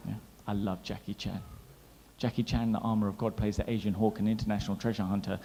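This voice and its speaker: Quick-talking man doing stand-up in a hall. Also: on the low side, slight background noise. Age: 30s. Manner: chatty, animated, teasing the crowd. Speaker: stand-up comedian. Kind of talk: stand-up comedy set. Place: large hall at a gala dinner. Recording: long hall reverb.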